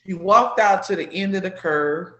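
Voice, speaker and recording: A woman's voice: mid-range voice, normal speed, muffled recording. A woman guest giving heartfelt personal stories about her community work, retelling conversations with repeated "I said, she said.". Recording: roomy echo.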